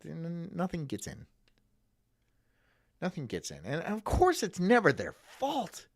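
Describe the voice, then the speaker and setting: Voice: medium pitch, wildly swooping pitch, a little slow, pauses often. A streamer delivering a sarcastic, profane ranting monologue on a live stream, full of mocking asides.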